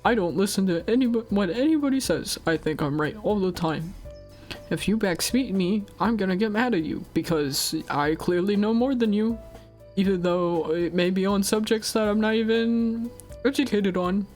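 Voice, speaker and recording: A woman's voice: mid-range voice, normal speed, darkish tone, soft background music, lightly acted. A woman doing a mocking impression of a smug, self-important know-it-all man who rambles on.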